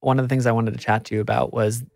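A man hosting a casual podcast conversation, reflective and chatty. His voice sits at a middle pitch and sounds close and dry, with no room around it. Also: level tone, rapid-fire, vocal fry, no room sound. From America. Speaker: podcast host.

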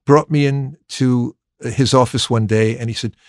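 A man in a conversation spins a long anecdote, doubling back on his words and restarting sentences as he goes. His voice sits at a middle pitch and sounds close and dry, with no room behind it. He slips into the voices of people he remembers. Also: a little slow, dry recording. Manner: lively, acts out remembered dialogue; frequent restarts and repeated words. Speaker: record producer guest.

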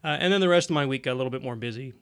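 A man's voice: medium pitch, rapid-fire, smooth. A man co-hosting a casual tech podcast, telling stories with frequent laughs. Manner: laughs often, animated storytelling. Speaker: podcast co-host.

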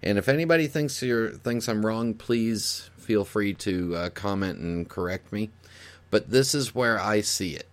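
Low-voiced man speculating aloud. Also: unhurried. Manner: speculative, thinking aloud with fillers and restarts. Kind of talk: casual explanatory talk.

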